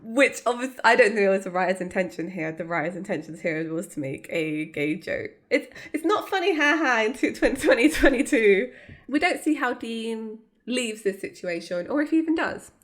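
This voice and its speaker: A woman's voice: fairly high pitch, lively intonation, moderate pace. A woman co-hosting a podcast, recapping a TV episode in casual, chatty talk full of fillers and giggles. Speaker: podcast co-host.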